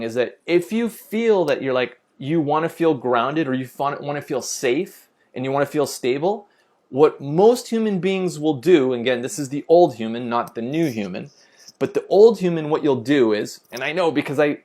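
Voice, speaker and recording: A man teaching a spiritual lesson to camera in an unscripted style. He repeats key points, often checks in with "okay?", and corrects himself mid-sentence. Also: mid-range voice.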